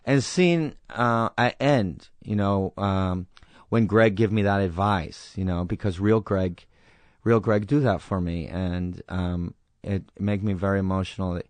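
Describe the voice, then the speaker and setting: An earnest, peculiar grown man, voiced by a man doing an impression, who speaks in slow, broken English and leaves out articles and verb endings. His voice sits low and soft. It is recorded close on a studio podcast mic in a dry room. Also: no room sound.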